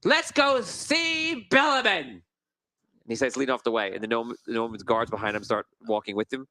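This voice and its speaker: Brief: chatty game master, bright, forward tone, rambling and self-correcting. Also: male voice, on the low side, steady tone, brisk. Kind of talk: narrating a tabletop game.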